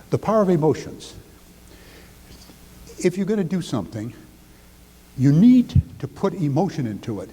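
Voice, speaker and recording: An older man giving a seminar talk, animated and acting out the lines he quotes. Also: mid-range voice, husky, long reverb tail, low-quality recording. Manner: animated, acts out quotes, drops to near whisper for demonstration. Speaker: speaker.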